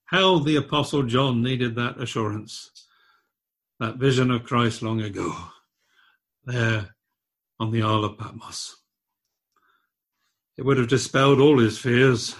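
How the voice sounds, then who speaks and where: A male preacher delivering a sermon at a slow, deliberate pace. He sits at a middle pitch, stresses his points with repetition, and lifts his voice on the key lines. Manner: slow, emphatic and repetitive, rising in pitch and force on key phrases.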